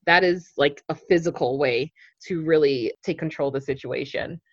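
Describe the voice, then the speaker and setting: A woman's voice: sits low, normal speed, no room sound, dull audio. A woman co-hosting a podcast in casual, frank chat, laughing often over a remote recording. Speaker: podcast co-host.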